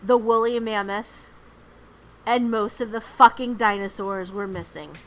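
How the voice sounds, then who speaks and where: Over a low-quality recording, a woman with a mid-range voice speaks unhurriedly as she co-hosts a podcast. Her casual chat drifts into rambling stories, thick with "um" and "like," and she curses freely.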